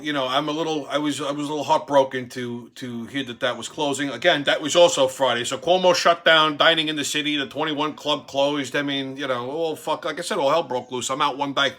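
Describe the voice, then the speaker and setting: Bright-voiced profane New storyteller. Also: male voice, fairly high pitch, brisk, hardly any pauses. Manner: profane, animated, laughs while talking. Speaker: show host. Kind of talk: casual storytelling monologue.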